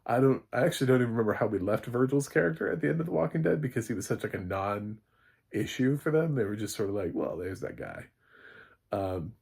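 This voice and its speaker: Husky guy with a lowish voice, rambly casual tv recap, laughs at his own jokes. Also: darkish tone. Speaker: film critic.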